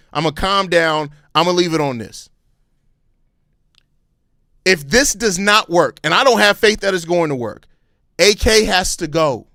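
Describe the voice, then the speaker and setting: Fired-up, high-voiced sports podcast man. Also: no echo, studio quality. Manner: impassioned, heavily profane ranting; calmer, apologetic stretches between outbursts. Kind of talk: live-stream sports fan commentary.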